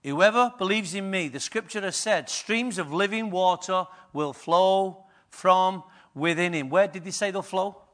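This pastor's voice sits high as he preaches a little slowly with few pauses, firing rhetorical questions at the congregation. His delivery rises and falls between quiet and loud.

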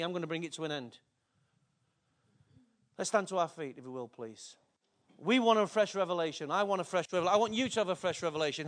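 Male pastor with a very high voice, preaching an emotional, fervent sermon. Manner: fervent, emotional, with big swings in pitch and loudness.

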